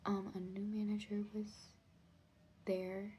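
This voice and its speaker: A woman's voice: mid-range voice, little pitch movement, takes it slowly, lo-fi sound, slight background noise. A woman talking in a casual video diary, often whispering and rambling with lots of "um" and "like". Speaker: diary vlogger.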